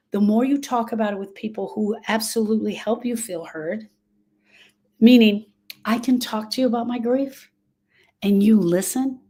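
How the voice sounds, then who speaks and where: A woman with a warm, mellow, slightly high voice hosts a heartfelt grief support live stream, reaching out to people who are hurting. Earnest and speaking straight to the listener, she repeats her key phrases for emphasis.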